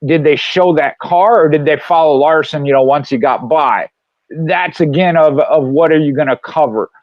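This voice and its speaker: A man's voice: a little high, moderate pace, dry recording. Radio co-host, man, Minnesota accent, rambling, dry dull recording. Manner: rambling, with many fillers and restarts. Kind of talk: casual radio talk.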